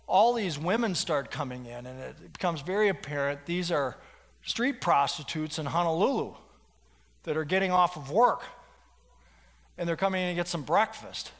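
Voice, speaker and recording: Animated male pastor telling a sermon story, fairly high voice, long hall reverb. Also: normal speed.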